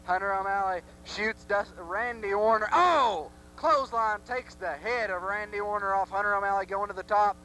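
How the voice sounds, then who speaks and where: A man calling a local wrestling match play-by-play with excited, hype-driven energy. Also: sits high, brisk, hardly any pauses, a little hiss or hum, rough recording. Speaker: play-by-play commentator. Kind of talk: wrestling commentary. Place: armory arena.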